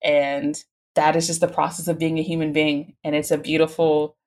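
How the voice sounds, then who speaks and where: Woman, 30s, low voice, casual, enthusiastic, podcast guest. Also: normal speed. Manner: animated, enthusiastic, casual with many "like"s. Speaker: guest, content creator. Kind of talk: podcast interview.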